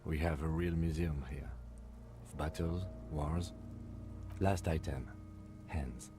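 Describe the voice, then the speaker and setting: An actor playing a calm, methodical male police lieutenant in a video game, speaking in a measured, clinical, dry way. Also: a bass voice, music in the background.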